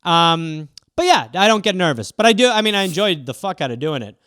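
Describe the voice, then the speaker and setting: A man hosting a comedy podcast, riffing casually in an animated way, swearing and slipping into quick voices. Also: sits high, no room sound, studio quality.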